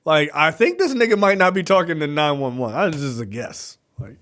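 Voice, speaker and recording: A man's voice: on the high side, brisk. A man co-hosting a movie review podcast, casually retelling scenes with laughs and acted-out lines. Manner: animated, laughing, acts out film scenes. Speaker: podcast co-host.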